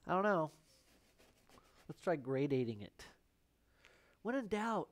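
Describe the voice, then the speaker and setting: A man's voice: a little high, sing-song, takes it slowly, long pauses. A man hosting a live painting stream on a lavalier mic, playful, muttering to himself and drifting into whispers. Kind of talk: live painting demonstration chat. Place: painting studio. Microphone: lavalier microphone.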